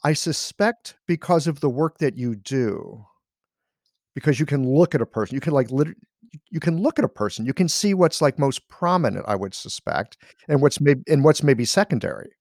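A man's voice: medium pitch, expressive, normal speed, darkish tone, no echo, clean studio sound. A man hosting an interview, asking curious questions and thinking aloud as he goes. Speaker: host, interviewer. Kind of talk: casual interview chat.

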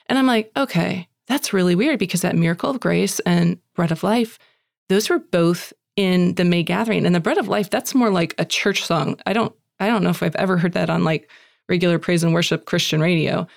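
A woman giving a chatty, animated personal faith testimony at a women's gathering, acting out dialogue and saying "like" often. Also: lowish voice, brisk, creaky, dry recording, clean studio sound. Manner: heavy use of "like" as filler. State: tearful at moments.

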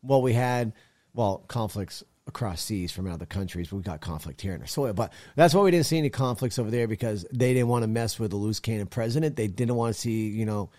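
A man's voice: lowish voice, a little fast, warm tone, no echo. A man hosting a call-in talk show, ranting bluntly and swearing freely. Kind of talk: opinionated political talk.

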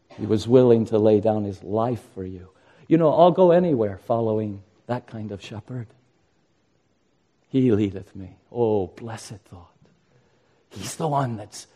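Earnest preaching pastor, mellow tone. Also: male voice, medium pitch, breathy edge. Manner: earnest preaching, rising to impassioned emphasis. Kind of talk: sermon.

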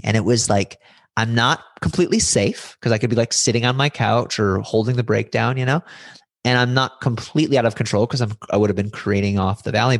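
A middle-aged man talking as a podcast guest, telling personal stories in an animated way, jumping up in pitch when excited and acting out other people's lines. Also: gravelly, no echo, clean studio sound. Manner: acts out other voices in his stories. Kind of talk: reflective storytelling conversation.

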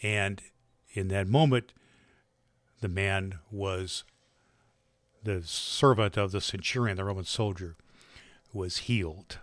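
A man's voice: low-pitched, slow, pauses often, no room sound. A man hosting and teaching an online course in a loose, rambling way, telling jokes and stories. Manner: rambling, loose, with fillers and restarts. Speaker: host and doctor teaching a course. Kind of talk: casual spoken lesson.

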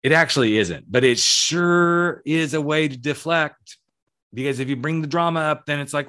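A man's voice: moderate pace, sharp tone. A man over forty who grew up in the American South, hosting a solo advice podcast in a chatty, cheeky, emphatic way. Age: 40s or older. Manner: chatty, cheeky and emphatic, with swings in pitch and pace. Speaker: podcast host.

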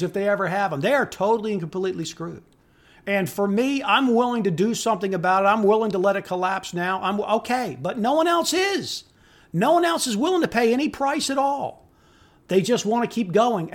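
A middle-aged man with a notably high-pitched voice delivers a solo podcast monologue. He rants with open contempt, swearing often and hammering his points through repetition. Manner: angry, contemptuous ranting with profanity; emphatic repetition. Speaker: podcast host.

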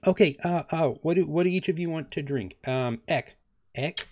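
A young man narrating as game master of a tabletop game, halting with many ums and uhs. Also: on the high side, darkish tone.

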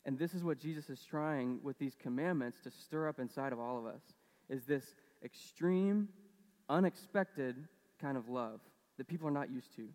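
A man's voice: mid-range voice, normal speed, a little mellow, big-room sound. A man preaching a casual sermon, conversational and storytelling, with lots of fillers. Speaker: pastor.

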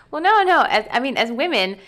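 A woman's voice: high voice, fairly bright tone. A woman in her thirties co-hosting a casual political podcast, bantering and teasing. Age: 30s. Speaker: podcast co-host.

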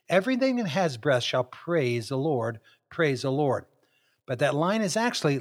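A middle-aged pastor giving an earnest sermon, slowing and softening his voice for meditative phrases. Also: mid-range voice.

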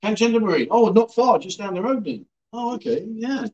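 A man's voice: sits high, expressive, a little fast, a little mellow, lo-fi sound. Chatty teasing man in his fifties. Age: 50s. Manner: teasing, chatty, reads out viewer comments. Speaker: livestream host. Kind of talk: casual chat. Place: indoors, lounge.

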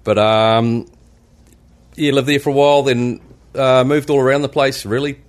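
A man's voice: mid-range voice, steady tone, normal speed. A man from New Zealand with a New Zealand accent, a landscaper guest on a podcast, laid-back and self-deprecating. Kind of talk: casual podcast interview. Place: studio.

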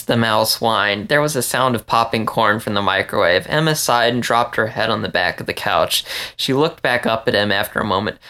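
A man reading a story aloud in a plain, steady narration. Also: on the low side, moderate pace, vocal fry. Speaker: story reader.

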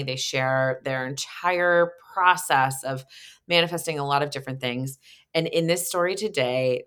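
This is a woman with a strikingly deep, low voice who hosts a podcast. She talks casually and gushes with enthusiasm over every story she shares, as if she can't contain how excited she is. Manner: gushing, enthusiastic. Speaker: podcast host.

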